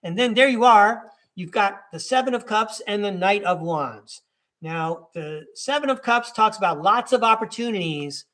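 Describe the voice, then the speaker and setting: Upbeat high-voiced man reading tarot. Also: animated, moderate pace, fairly bright tone. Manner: upbeat and encouraging, addresses the listener directly. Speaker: tarot reader and podcast host. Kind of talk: live tarot reading, casual chat.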